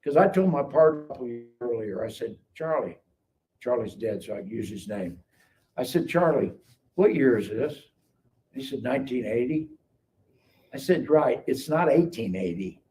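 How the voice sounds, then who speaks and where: Telling his life story as a guest on a live stream, a middle-aged Kansas City–area man speaks casually and animatedly at a moderate pace and medium pitch, voicing the people he quotes. A distant mic picks him up along with faint background noise.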